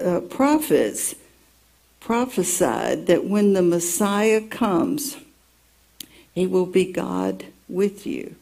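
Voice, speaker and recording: A woman's voice: on the low side, creaky, dark tone, husky. A woman teaching from the Bible, reading the passage aloud and telling her own story around it in an earnest way. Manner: slow, earnest storytelling with personal asides.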